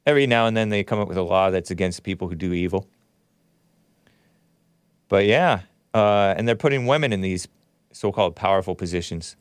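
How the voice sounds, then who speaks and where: A man's voice: low voice, a little fast, long pauses, clear, resonant tone, dry recording. Man, livestream host, reads viewer chats, blunt opinionated commentary, resonant voice, dead dry room.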